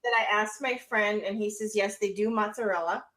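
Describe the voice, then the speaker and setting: Female radio co-host, casual chat, easygoing, laughs often, mid-pitched voice. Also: steady tone, moderate pace, fairly bright tone. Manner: easygoing, laughs often, reads listener questions.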